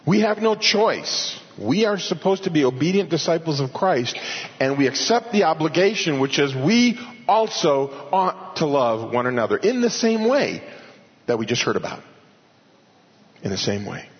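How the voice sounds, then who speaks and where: A man preaching an expository sermon in earnest, slowing down and rising in pitch to stress key points. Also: very animated, husky. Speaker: pastor. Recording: dull audio with long hall reverb.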